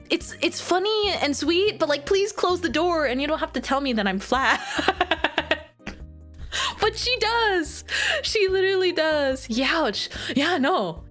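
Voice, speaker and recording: Young woman streamer, giggly chatter, bright lively voice, soft music behind. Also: sits high. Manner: giggly, animated storytelling with squealed quotes. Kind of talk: casual chat with live viewers.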